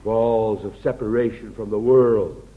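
An American man preaching a sermon in an earnest way, often dropping to a hushed, tender tone. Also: fairly low pitch, fairly even intonation, measured pace. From United States. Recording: tinny lo-fi phone-like recording.

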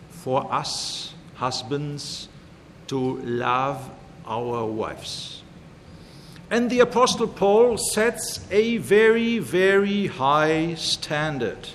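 A man preaching a sermon in a measured, emphatic way, slowly repeating his key phrases. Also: fairly high pitch, a little hiss or hum. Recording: long hall reverb.

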